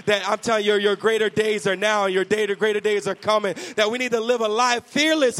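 A man with an unusually high voice preaches a sermon as pastor. He tells lively, self-mocking family stories and then builds into fervent exhortation. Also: fairly quick, hardly any pauses. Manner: humorous, self-mocking asides.

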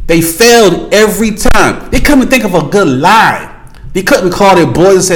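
A male podcast host with a high, sing-song voice that swings widely up and down delivers a casual, profane rant at normal speed over a rough recording. He addresses listeners directly with slang and drives his claims home emphatically through repetition.

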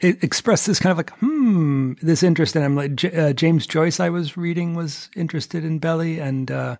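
A woman hosting a casual conversation, asking thoughtful, halting questions. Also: low-pitched, fairly even intonation, darkish tone, no room sound, clean studio sound.

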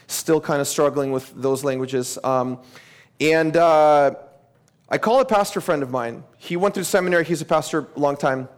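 A young male pastor preaching a sermon in a church, conversational and animated, acting out dialogue. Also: fairly high pitch, moderate pace.

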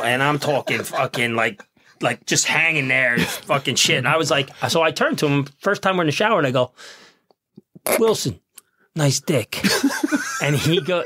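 Husky, fairly high-voiced man telling stories. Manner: profane, laughing, animated anecdotes. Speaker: guest, police officer. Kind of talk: casual podcast storytelling. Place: studio.

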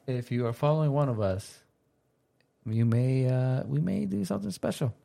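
A man co-hosting a casual podcast, upbeat and chatty, often pausing with "uh". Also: mid-range voice, vocal fry, dark tone. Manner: upbeat, fills pauses with "uh". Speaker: podcast co-host.

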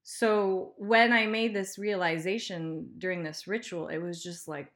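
A woman's voice: on the low side, unhurried, few pauses, a bit bright. A woman hosting a podcast, giving a candid motivational monologue, emphatic, swearing freely and laughing often. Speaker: podcast host.

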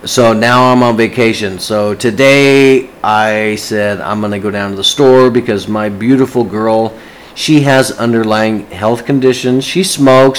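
A man's voice: lowish voice, slight background noise, poor audio. Profane, agitated man ranting to camera. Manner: profane, agitated, swears constantly. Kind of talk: casual rant to camera.

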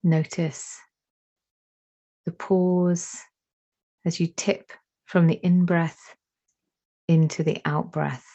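A woman leading a guided meditation, giving slow, soothing instructions with long pauses between phrases. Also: lowish voice, flat delivery, mellow. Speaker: meditation teacher. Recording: dull lo-fi recording.

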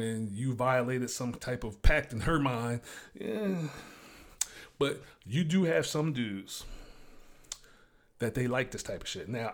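Male host, solo rant, casual and crude, mid-range voice. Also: medium pitch. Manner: blunt, profane, ranting. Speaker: show host. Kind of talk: casual monologue.

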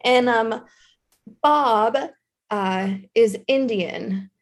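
A woman with a Southern US accent spins a story in a relaxed conversational chat. Her voice sits a touch on the high side, and she talks in an animated, chatty way with lots of casual fillers. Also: very slow. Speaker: guest storyteller, former intervention specialist.

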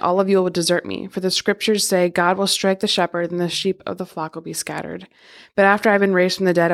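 A woman hosting a Bible podcast, chatting casually and then reading scripture aloud in a steady, even voice. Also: fairly low pitch. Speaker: podcast host.

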